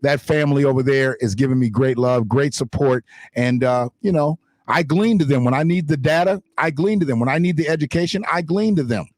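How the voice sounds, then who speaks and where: A man's voice: medium pitch, a little fast, darkish tone, no room sound. A man hosting an unscripted livestream, talking in a fiery, profane and emphatic way at a home streaming setup. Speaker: livestream host. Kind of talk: heated unscripted livestream rant. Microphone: desktop streaming mic in front of a green screen.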